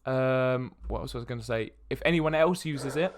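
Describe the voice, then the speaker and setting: A young man narrating as dungeon master in a tabletop game, halting with many fillers. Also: mid-range voice. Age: young adult. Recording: faint background hiss.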